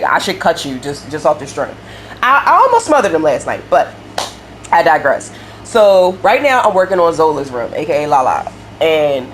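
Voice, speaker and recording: A young woman with a notably low voice chats freely while she plays, rambling from one thought to the next with plenty of fillers. A faint hiss of noise sits under her voice. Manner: rambling storyteller, many fillers and laughs. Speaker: game streamer building a house. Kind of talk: casual chat while playing.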